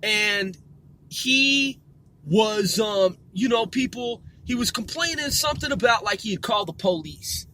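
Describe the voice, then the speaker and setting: This forties-aged podcast host rants casually from behind the wheel of a moving car, full of swearing and self-corrections, recorded on a mobile setup. He has a high-pitched, expressive voice with a bright, forceful tone and a measured pace. There's slight background noise.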